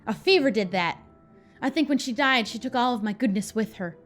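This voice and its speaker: A brooding, grief-hardened widower gentleman, voiced by a woman, speaks in a low, solemn and dramatic manner. The voice stays fairly high overall and moves with lively pitch swings for a story game. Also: brisk, lightly acted.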